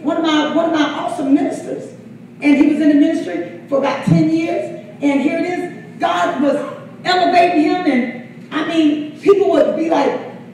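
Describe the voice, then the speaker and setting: A woman's voice: very high-pitched, darkish tone, slight background noise. A woman pastor telling a story in a sermon, laughing often and acting out quotes. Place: church hall. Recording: echoey hall from far off.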